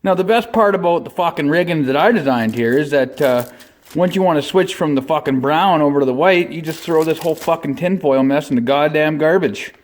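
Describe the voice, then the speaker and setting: A man's voice: on the high side, a little fast. A man, giving a crude, swear-filled mock-serious how-to as a comedy vlog host in a shop. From Canada. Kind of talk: profane deadpan comedy monologue. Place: shop or garage.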